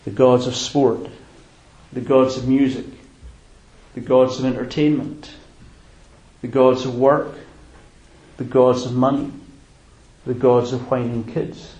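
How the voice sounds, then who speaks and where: Male pastor, sermon, slow and measured, emphatic, echoey church room. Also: mid-range voice, flat delivery, mellow. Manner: emphatic, with slow deliberate pauses. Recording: roomy church hall.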